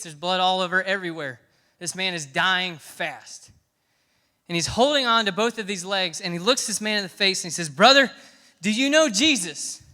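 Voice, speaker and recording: A man preaching to a youth group in a large church hall, his high, bright voice ringing out with a long reverb tail. He tells his story with emphatic swells that push close to shouting. His tone stays smooth and clear throughout. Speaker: youth pastor. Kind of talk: sermon.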